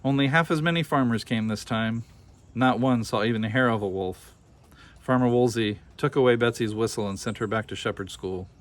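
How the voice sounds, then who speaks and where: A man reading a children's picture book aloud with expressive, animated storytelling. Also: mid-range voice, a little fast. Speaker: storybook reader.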